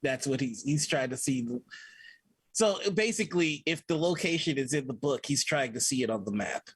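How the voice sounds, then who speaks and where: Husky-voiced man, halting. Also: medium pitch, expressive, fairly bright tone, dry recording. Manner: halting, thoughtful. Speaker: player. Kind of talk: tabletop game play.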